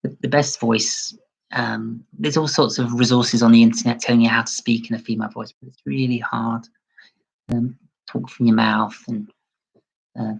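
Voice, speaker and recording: A man chatting casually on a livestream and reading out viewer comments. He talks in a self-deprecating way and gently lifts his voice toward a feminine tone. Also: medium pitch, fairly even intonation, measured pace, creaky, slightly rough, low-quality recording. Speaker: livestream host.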